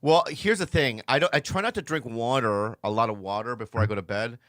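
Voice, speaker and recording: A man's voice: medium pitch, a bit bright, no room sound, studio quality. A man in his forties co-hosting a comedy podcast, rambling through joking stories. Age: 40s. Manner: rambling, joking, drawn-out storytelling. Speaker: podcast co-host. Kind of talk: comedic casual chat.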